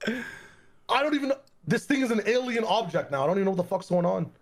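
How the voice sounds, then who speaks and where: A man's voice: high voice, very animated, quick pace. A man chatting casually with friends on a stream, nervous and laughing. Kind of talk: casual chat.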